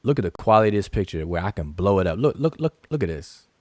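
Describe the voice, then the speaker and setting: A man with a low voice leads a screen-share lesson, emphatic and full of repeats as he points things out. He counts figures aloud and keeps circling back. His voice is recorded dry and close, with no room sound. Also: sing-song, quick pace, darkish tone, no echo. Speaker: channel host teaching hieroglyphs.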